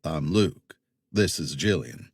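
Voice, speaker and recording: A man's voice: very deep voice, expressive, takes it slowly, husky, no echo, pitched below the performer's own voice, full character voice. A man voicing a wary young male investigator from Tennessee in an audiobook, giving guarded, dry answers.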